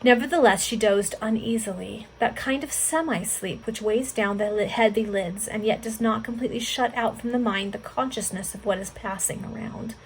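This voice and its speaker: Woman reading an old novel to friends on a video call, highish voice, earnest, stops to comment. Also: moderate pace, hardly any pauses, a little hiss or hum, low-quality recording. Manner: earnest, expressive reading with heartfelt asides. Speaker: volunteer reader.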